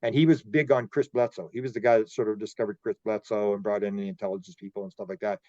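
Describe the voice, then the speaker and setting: A man's voice: on the low side, steady tone, fast, dark tone, dry recording, lo-fi sound. A man from Canada, a UFO researcher guest on a podcast, telling a long story and repeating words as he goes. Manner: rambling, repeats words, acts out quoted dialogue. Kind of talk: storytelling interview.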